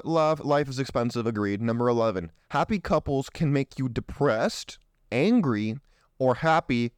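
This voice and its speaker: A man's voice: medium pitch, darkish tone, smooth, dry recording, studio quality. A young man hosting a show, giving blunt, provocative commentary while reading a dating list aloud. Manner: blunt, provocative, slips into mocking voices for others. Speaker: podcast host.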